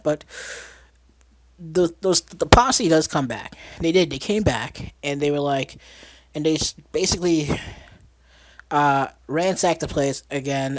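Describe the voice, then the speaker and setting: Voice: medium pitch, dry recording. Rambling podcast host recapping a film. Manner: rambling, lots of fillers and restarts, laughs while talking. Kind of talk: casual movie recap.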